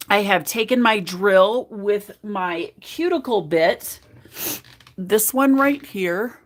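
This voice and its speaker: A woman's voice: medium pitch, a bit bright. A woman hosting a nail art livestream, chatting casually and affectionately with her viewers while she works, full of fillers. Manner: chatty and affectionate, talks to chat, many fillers. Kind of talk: casual live-stream chat while doing nails.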